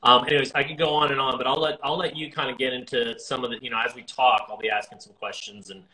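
A man's voice: medium pitch, fairly even intonation, fast, pushed and bright, slight background noise, poor audio. An American man hosting a casual interview, friendly and rambling, often circling back to restart his sentences. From United States. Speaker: podcast host.

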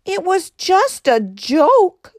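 Storybook goat, young male, teasing and giggly, a woman doing him, high and lively, dry close mic. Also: extremely slow, dry recording, full character voice. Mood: sorry.

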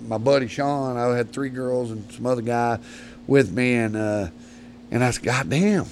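Rough-spoken man spinning rambling stories. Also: mid-range voice, flat delivery, moderate pace, darkish tone, a little hiss or hum. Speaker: podcast guest, predator hunter. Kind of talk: casual storytelling. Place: studio.

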